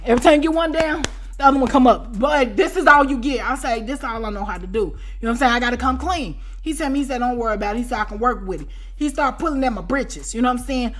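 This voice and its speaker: A woman in her forties telling a story in a casual, animated way, full of slang and repeated asides. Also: high voice, quick pace. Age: 40s. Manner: animated, repeats "you know what I'm saying". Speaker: storyteller vlogger.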